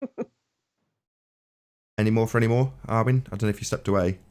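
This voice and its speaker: Fast-talking deep-voiced male host. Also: fairly even intonation, darkish tone, clear, resonant tone. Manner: quick, joking, apologetic moderator. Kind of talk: casual group call discussion.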